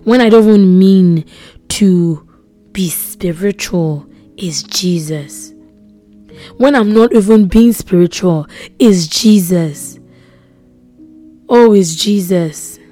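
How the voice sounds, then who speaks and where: A woman's voice: mid-range voice, slow, faint music behind. A young woman hosting a devotional podcast, talking earnestly and repeating phrases, sometimes dropping to a whisper for emphasis. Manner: earnest, repetitive, drops to soft whispers for emphasis. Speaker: podcast host.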